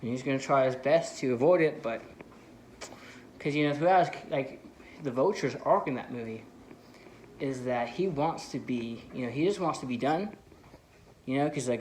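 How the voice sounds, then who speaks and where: A man's voice: medium pitch, lively intonation, moderate pace, pauses often, a little mellow, a little hiss or hum. A man vlogging casual movie commentary, rambling enthusiastically with lots of "like" and "you know". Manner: enthusiastic fan. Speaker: film vlogger.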